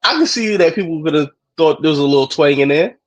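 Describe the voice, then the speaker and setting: High, lively man chatting on a podcast. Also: fast talker, poor audio. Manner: animated, laughing, slips into impressions. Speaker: podcast co-host. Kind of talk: casual chat.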